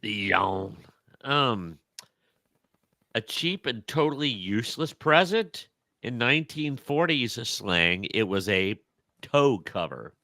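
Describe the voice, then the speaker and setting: A man's voice: medium pitch, sing-song, slow, pushed and bright, no room sound. A man co-hosting a podcast, playfully punning as he reads out old terms and their definitions in casual chat. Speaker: podcast co-host presenting the topic.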